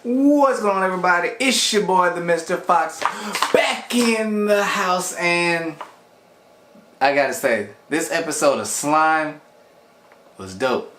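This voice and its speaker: A man's voice: a little high, unhurried, background noise. A man rambling through a casual anime episode review in a chatty, loose way. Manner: rambling, chatty, animated quoting. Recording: echoey room.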